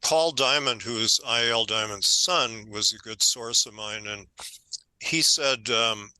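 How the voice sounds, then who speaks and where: An older man speaking as an interview guest, his voice low-pitched but very bright and forceful. He tells his stories in an animated, emphatic way. The sound is dry and close. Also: unhurried, clean tone, dry recording, poor audio. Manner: animated storytelling, emphatic when indignant. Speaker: author guest. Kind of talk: conversational interview.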